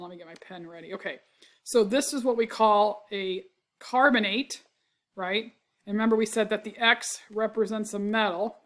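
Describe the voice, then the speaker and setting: A congested woman teaching chemistry in a recorded lecture clears her throat a lot. Her voice is medium-pitched and a bit bright, and she explains step by step, checking with "right?" and correcting her own slips.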